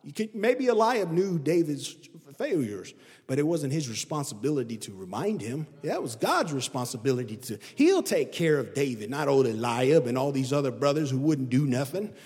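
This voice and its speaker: A man preaching a sermon with emphatic delivery, swinging his pitch and volume up and down. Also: sing-song, normal speed. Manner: emphatic preaching that rises and drops in pitch and loudness. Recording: long hall reverb.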